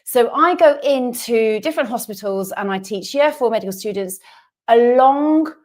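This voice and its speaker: A woman's voice: a little high, lively intonation, moderate pace, a little mellow. A woman co-hosting a casual chat show, talking bluntly and with lots of animation. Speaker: co-host.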